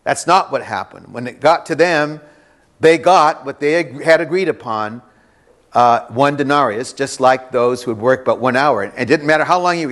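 A man preaching a sermon to a congregation, reading scripture and explaining it in an animated, conversational way with playful teasing. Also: medium pitch. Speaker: pastor. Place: church before a congregation.

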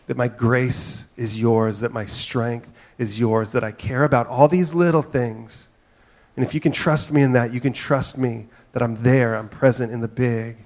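A middle-aged man delivers a sermon as a pastor, speaking at an ordinary mid pitch. He talks conversationally, weaving in personal stories and frequent asides to the congregation. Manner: conversational, storytelling with asides and filler "right?".

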